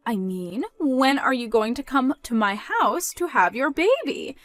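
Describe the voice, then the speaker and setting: A woman's voice: high voice, very animated, measured pace, a bit bright, dry recording, faint music behind, full character voice. A woman voicing a controlling, scornful middle-aged mother, nagging and incredulous in a scripted story dub.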